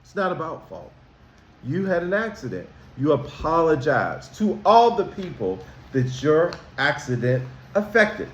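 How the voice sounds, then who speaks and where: A school counselor, a man, speaks to students in an unhurried, deliberate way. His fairly high voice rises and falls a great deal as he asks them questions. The room around him gives a noticeable echo. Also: sing-song, lo-fi sound. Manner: slow, emphatic, asks questions. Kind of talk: talking to students. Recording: roomy echo.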